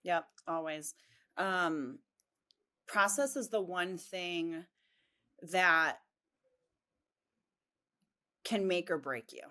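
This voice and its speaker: A woman's voice: fairly low pitch, animated, very slow, long pauses, bright, forceful tone. A woman from Chicago with a light Chicago accent, an upbeat, direct interview guest who laughs easily. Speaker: real estate coaching head.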